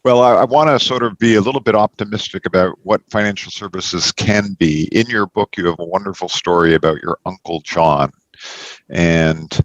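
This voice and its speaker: A man hosting a podcast, asking friendly, measured questions. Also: low voice, no echo, lo-fi sound. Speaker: podcast host. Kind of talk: casual interview.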